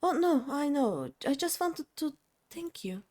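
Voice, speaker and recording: A woman's voice: sits high, very animated, measured pace, a little mellow, voice pushed up. A woman reading game lines for a young freed captive who speaks politely and earnestly, pleading for help. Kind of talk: reading game dialogue aloud.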